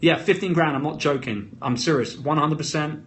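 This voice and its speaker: A man's voice: on the high side, moderate pace, fairly bright tone. A man hosting a casual live stream from his phone propped against a computer, energetically chatting and reading out viewer comments.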